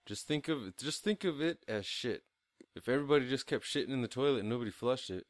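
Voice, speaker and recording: A man's voice: mid-range voice, lively intonation, quick pace, dry recording. A young man co-hosting a casual movie review podcast, talking crudely and profanely and laughing often. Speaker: podcast co-host.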